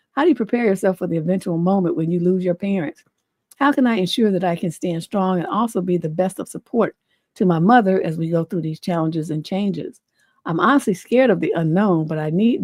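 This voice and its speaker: A woman's voice: on the low side, mellow, no echo, clean studio sound. A middle-aged woman hosting a livestream advice show, reading a viewer's letter and then giving frank, folksy advice. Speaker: relationship advice host.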